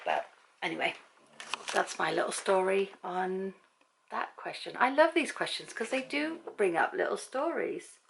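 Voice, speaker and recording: A woman's voice: medium pitch, expressive, unhurried, gravelly, noisy background. A middle-aged woman from England, chatting and rambling in a casual home vlog at night, laughing easily. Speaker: vlogger. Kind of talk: casual vlog chat to camera.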